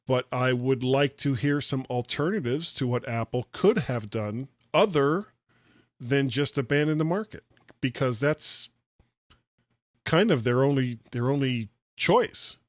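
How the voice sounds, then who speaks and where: A man's voice: mid-range voice, expressive, measured pace, no echo, studio quality. A man hosting a casual tech podcast, wry and lightly sarcastic as he reads out news stories and comments on them. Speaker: podcast host.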